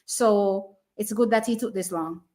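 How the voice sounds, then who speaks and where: A Jamaican woman hosting a livestream watch party, giving emotional, excitable race commentary and casual chat. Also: medium pitch. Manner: emotional, excitable, quick to cheer.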